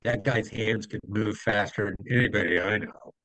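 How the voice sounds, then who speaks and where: A man's voice: fairly low pitch, steady tone, moderate pace, sharp tone, no room sound, low-quality recording. A man telling old stories as an interview guest, rambling with many fillers and acting out the people he quotes. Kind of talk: casual storytelling.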